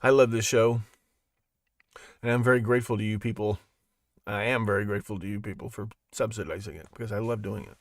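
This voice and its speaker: A man's voice: lowish voice, steady tone, brisk, pauses often, dry recording, studio quality. A man hosting his own show, talking in a rambling, sarcastic way and laughing at his own jokes. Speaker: podcast host. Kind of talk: casual monologue.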